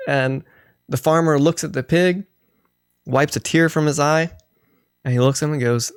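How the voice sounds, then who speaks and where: A man's voice: fairly high pitch, steady tone, moderate pace, long pauses, clear, resonant tone, no room sound, studio quality. Man telling a long joke on stream.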